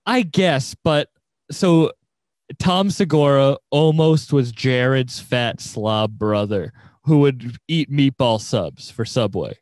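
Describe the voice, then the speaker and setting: A man's voice: mid-range voice, slow pace, darkish tone, no echo. A young man hosting a podcast, asking probing, rambling questions in casual chat. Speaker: podcast host.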